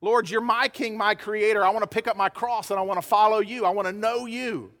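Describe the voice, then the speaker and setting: Male pastor preaching, high bright voice, long hall echo. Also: steady tone, fairly quick. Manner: emphatic preacher, acts out quoted dialogue. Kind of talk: sermon. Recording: hall reverb.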